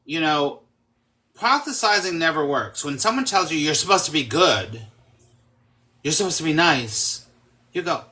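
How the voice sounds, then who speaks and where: Bright, emphatic man acting out quotes. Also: on the high side, lively intonation, normal speed, pauses often. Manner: emphatic, swears freely, acts out quoted speech. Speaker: guest. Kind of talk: casual conversation.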